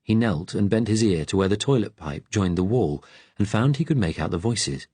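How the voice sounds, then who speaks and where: A man narrating an audiobook in a measured, even way. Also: fairly low pitch, breathy edge, no room sound. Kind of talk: scripted narration.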